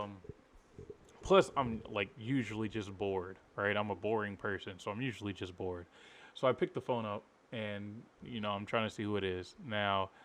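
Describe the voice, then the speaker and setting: A man's voice: on the low side, a bit bright, slight background noise. A man in his twenties telling a story casually, rambling with lots of filler words. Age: 20s. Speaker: vlogger.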